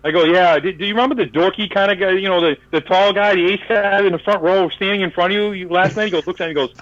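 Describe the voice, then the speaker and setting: A man's voice: high voice, steady tone, quick pace, fairly bright tone, dry recording, highs cut off. A man telling a long story in casual podcast chat, acting out the voices of the people in it, with many fillers and restarts. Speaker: podcast guest.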